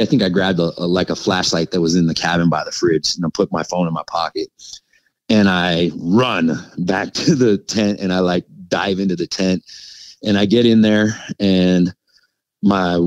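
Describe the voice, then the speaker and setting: A middle-aged man with a very deep voice tells his story as a podcast guest. He talks in a loose, animated way, stacking fillers and chuckling now and then, and the sound is close and dry. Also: normal speed, no room sound, rough recording. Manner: animated, filler-heavy with frequent likes and laughs. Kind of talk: casual storytelling.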